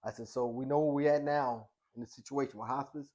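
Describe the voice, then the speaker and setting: With a medium pitch and steady tone, a middle-aged man who is both a boxing coach and a social worker tells a personal story on a podcast. His speech is colloquial and earnest, broken by restarts, with past conversations acted out in quotes and moments where he goes quiet and hushed.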